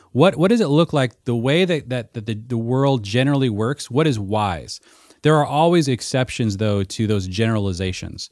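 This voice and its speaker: A man's voice: mid-range voice, no room sound, clean studio sound. A man co-hosting a podcast, explaining at length in an earnest, casual discussion. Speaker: podcast co-host and mentor.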